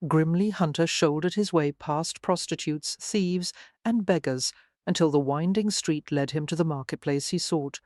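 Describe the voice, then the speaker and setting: An audiobook narrator giving a measured, even scripted reading of a romance novel. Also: medium pitch, no room sound, clean studio sound.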